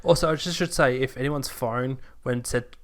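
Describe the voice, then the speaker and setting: A man co-hosting a podcast, chatting casually, quick to agree and laugh. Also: medium pitch. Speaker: podcast co-host. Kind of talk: casual chat.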